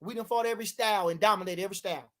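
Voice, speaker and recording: A man rants about boxing to his live stream chat, talking very fast in a high voice. The rant is heated, loud, and repetitive, full of free swearing and sudden shouts.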